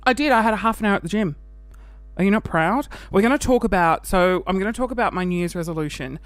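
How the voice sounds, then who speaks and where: A man hosting a casual solo podcast, out of breath after the gym, animated and self-mocking, sometimes dropping into a whisper. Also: high-pitched, fast talker, smooth, no room sound, faint music behind. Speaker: podcast host.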